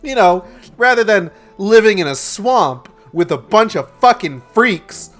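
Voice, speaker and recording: A scheming queen sneers through false sweetness in a raised, higher-pitched voice, as a man puts her on. Over faint music, the politeness is all a thin cover for contempt. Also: expressive, unhurried, fairly bright tone. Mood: sneering. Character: scheming passive-aggressive queen, woman.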